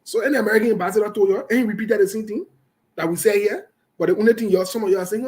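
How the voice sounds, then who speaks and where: A man hosts live online political commentary, combative, scolding and emphatic, addressing his viewers directly. His voice is high-pitched and a little mellow, and he speaks very fast.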